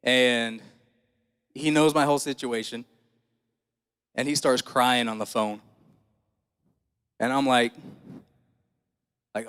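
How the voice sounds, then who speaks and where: A man preaching, folksy and conversational, turning to the congregation with questions. His voice is smooth and resonant, pitched in an ordinary middle range. The sound carries a long reverb from a church hall. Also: fairly even intonation, slow, pauses often, a bit bright. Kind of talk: sermon with personal story.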